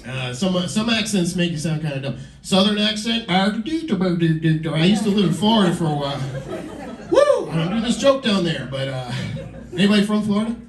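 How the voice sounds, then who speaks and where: A man's voice: sits high, big pitch swings, a little fast. A man in his forties performing stand-up on a club stage, rambling and self-deprecating as he banters with the crowd. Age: 40s. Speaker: stand-up comedian. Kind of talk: stand-up comedy set. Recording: roomy club, from a distance.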